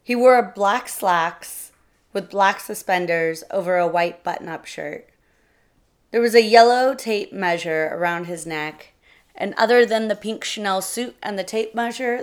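A woman narrating a short story in a steady reading voice. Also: medium pitch, a little slow, clear, resonant tone. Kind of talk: storytelling read-aloud.

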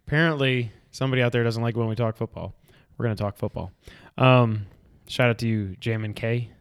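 A man's voice: medium pitch, fairly even intonation, a little fast, clear, resonant tone, dry recording. A man co-hosting a podcast, chatting casually and joking with his brother. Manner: upbeat, joking banter. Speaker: podcast co-host. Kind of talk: casual chat.

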